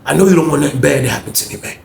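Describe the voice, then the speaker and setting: A man voicing a desperate male inmate in debt who talks low and pleads, recorded in an echoey room. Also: very fast, vocal fry, slight background noise. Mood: pleading.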